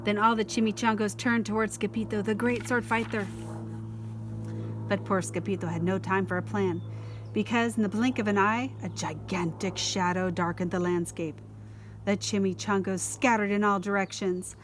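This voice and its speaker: A woman school librarian reading a children's picture book aloud in a lively, expressive way. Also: medium pitch, moderate pace, background noise.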